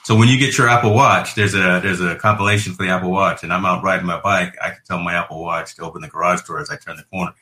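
A man hosting a casual tech podcast chat, relaxed and conversational, often restarting his phrases. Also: low voice, fast talker, few pauses. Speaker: podcast host. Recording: echoey room.

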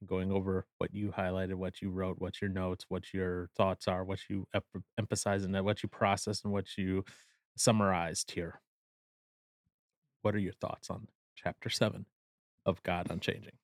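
A man with a somewhat low voice hosts a relaxed book-discussion podcast. He teases his co-host with dry, deadpan jokes. The sound is dry and close, with no room echo. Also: normal speed. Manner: dry, teasing humor. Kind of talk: casual chat about a book.

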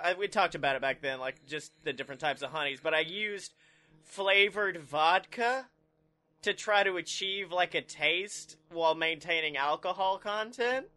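A man's voice: sits high, sharp tone. A man co-hosting a podcast in casual chat, loose and profane, laughing easily. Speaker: podcast co-host.

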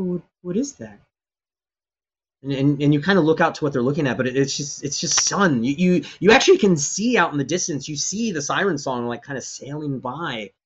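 A man's voice: medium pitch, a little hiss or hum. Rambling man running a tabletop game. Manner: loose, rambling narration with many fillers and restarts. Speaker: game master. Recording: slightly dull lo-fi stream audio.

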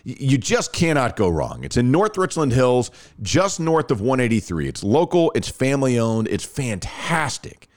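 A man's voice: mid-range voice, moderate pace, few pauses. A man hosting a podcast who chats casually, tells stories and reads ads with gushing enthusiasm. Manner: excitable, gushing, chatty storyteller. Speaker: podcast host. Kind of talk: casual chat and ad read.

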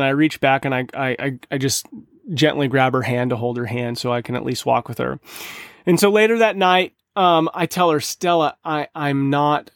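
A man's voice: mid-range voice, no room sound, studio quality. A man in his thirties, hosting a podcast, telling a personal story in an earnest, conversational way. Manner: earnest, conversational, with frequent restarts. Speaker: podcast host. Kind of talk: casual storytelling monologue.

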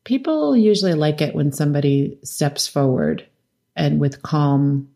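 A middle-aged woman with a low voice speaks as a guest in a conversational interview. She tells her stories with animation, slipping into the voices of the people she quotes and laughing often. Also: unhurried, vocal fry, dark tone. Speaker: documentary director, interview guest.

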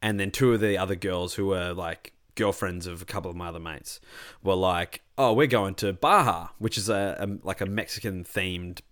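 A man's voice: low-pitched, flat delivery, moderate pace, clear, resonant tone. A young Australian man telling a rambling party story in casual chat, swearing freely.

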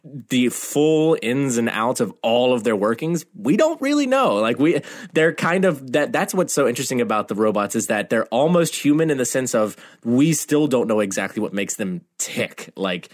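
A man's voice: mid-range voice, lively intonation, moderate pace. Chatty, enthusiastic man co-hosting a podcast. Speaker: podcast co-host. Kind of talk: casual film discussion.

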